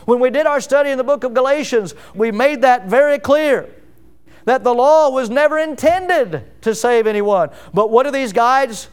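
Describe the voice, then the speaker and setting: High-voiced man preaching with fervor. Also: normal speed, clear, resonant tone. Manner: emphatic preaching with rhetorical questions and sudden drops in volume. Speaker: pastor. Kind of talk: sermon.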